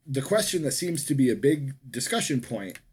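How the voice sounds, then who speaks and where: Husky rambling male podcaster. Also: mid-range voice, very animated, normal speed, a little mellow. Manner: rambling, self-correcting. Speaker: podcast co-host. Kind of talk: casual podcast chat.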